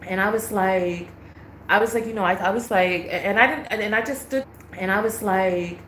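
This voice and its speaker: A woman from New York telling a travel story in a casual vlog, animated, laughing often and acting out dialogue. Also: mid-range voice, moderate pace, roomy sound, a little hiss or hum. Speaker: travel vlogger.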